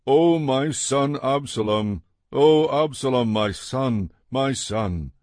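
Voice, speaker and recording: A man reading the lines of a grieving old king who mourns his son, slow and mournful. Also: lowish voice, animated, no echo, studio quality.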